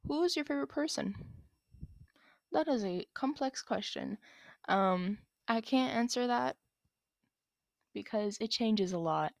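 A woman's voice: a little high, animated, unhurried, gravelly, long pauses, dry recording, studio quality. A young woman answering viewer questions in a casual vlog, rambling with lots of ums and likes.

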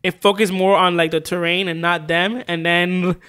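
A man with a notably high voice talking through a movie with friends. He speaks haltingly, restarting his sentences and groping for words as he goes. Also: level tone, pushed and bright, clear, resonant tone. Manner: halting, many restarts and fillers. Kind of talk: casual film discussion.

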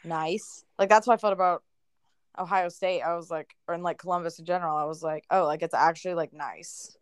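A young woman co-hosts a podcast, chatting casually and using lots of fillers. Her voice is fairly low, steady, brisk, and clean in tone. The recording is clean studio sound with no room sound.

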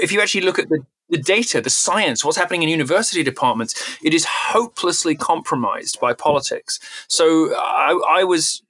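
A man speaking as a podcast guest, animated and emphatic, often restarting his sentences. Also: mid-range voice, no room sound. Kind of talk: podcast interview talk.

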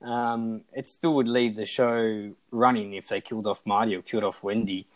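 A man's voice: fairly low pitch, steady tone, moderate pace, poor audio. A man, casually talking through a TV show on a podcast, rambling with lots of fillers and restarts. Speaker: podcast co-host. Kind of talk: casual chat reviewing a TV show.

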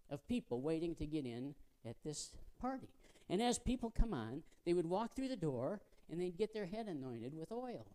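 A man preaching a sermon as a guest speaker. He tells the story vividly, asks the congregation questions and drops to a hush to make his points. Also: high voice.

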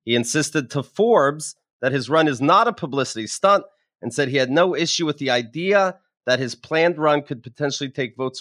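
A man's voice: medium pitch, fairly bright tone. A man hosting a podcast, chatting casually and reading news items aloud with a wry, teasing manner. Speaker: podcast host.

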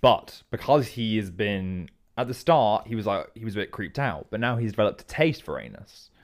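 A man with a somewhat low voice carries on an improvised comic story. He explains absurd details in a matter-of-fact, deadpan way. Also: normal speed.

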